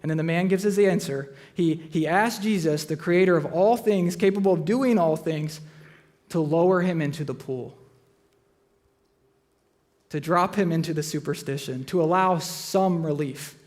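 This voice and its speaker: A pastor with a notably high voice preaches to his congregation in a church auditorium. He keeps it conversational and teases the room as he tells stories from his own life. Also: normal speed, darkish tone. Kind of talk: sermon with humorous personal stories.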